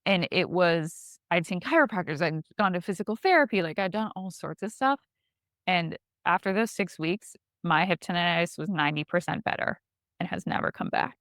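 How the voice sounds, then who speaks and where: A woman co-hosting a casual podcast, telling a personal story in an animated way with lots of "like". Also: on the low side, normal speed, no echo, studio quality. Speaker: podcast co-host.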